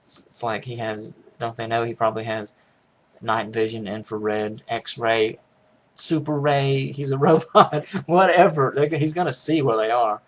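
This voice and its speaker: A man's voice: medium pitch, fairly even intonation, a little slow, a little hiss or hum. A man casually recapping a movie's plot in a rambling way, restarting sentences and chuckling as he goes. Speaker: movie reviewer.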